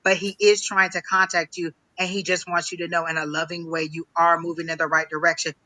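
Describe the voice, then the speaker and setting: A man giving a live psychic reading on a stream, talking in a halting way, repeating phrases with many ums. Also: on the high side, little pitch movement, bright, forceful tone, low-quality recording. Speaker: psychic reader.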